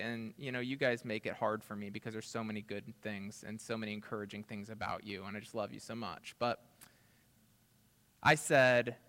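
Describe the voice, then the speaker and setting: A male pastor delivers his sermon with earnest conviction, his mid-pitched voice rising to emphatic peaks and falling to soft, intimate asides. The sound carries the long reverb of a church hall. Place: church sanctuary.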